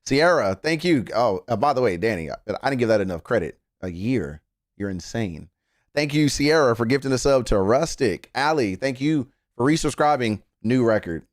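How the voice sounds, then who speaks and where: A man streaming a casual reaction, excitable and swearing freely, his voice leaping up when he gets worked up. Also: moderate pace, dry recording, studio quality. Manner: excitable, swears often, jumps high in pitch when worked up. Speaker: streamer reacting to music news. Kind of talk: casual live-stream chat.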